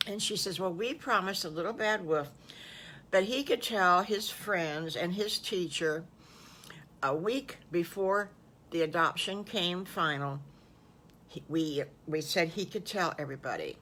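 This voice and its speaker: An older woman improvising a children's story in a folksy, animated way, full of exclamations. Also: on the low side, measured pace, a little hiss or hum.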